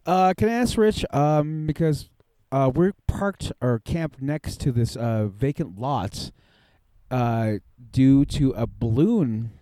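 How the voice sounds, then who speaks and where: A man camping at a festival, joining the chat with a hesitant question full of pauses. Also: medium pitch, animated, warm tone, no room sound. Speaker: festival camper. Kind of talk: casual chat.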